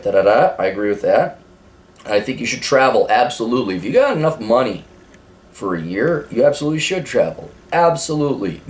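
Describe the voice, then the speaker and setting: A man hosting a podcast, giving blunt, rambling, profane advice with frequent laughs. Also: fairly low pitch.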